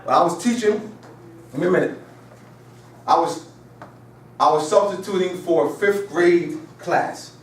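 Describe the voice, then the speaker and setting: Speaking a little slowly with long pauses, a high-voiced man lectures a class using call and response. He repeats points emphatically, tosses out rhetorical questions, and drifts into chatty stories; the distant mic catches room echo and a little hiss or hum.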